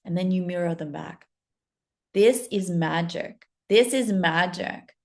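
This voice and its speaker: Young woman coach talking softly to camera, earnest, bit of vocal fry. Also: fairly low pitch, slow. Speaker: spiritual coach. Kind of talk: casual monologue to camera.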